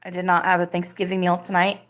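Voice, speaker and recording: A woman's voice: lowish voice, monotone, quick pace, fairly bright tone. A woman hosting a live podcast, chatting casually and rambling with lots of "like"s. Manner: rambling, filler-heavy talk with many "like"s. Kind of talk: casual live-stream chat.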